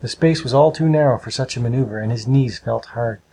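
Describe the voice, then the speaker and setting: A man narrating a storybook with a steady, measured reading. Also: medium pitch, creaky, slightly rough, rough recording.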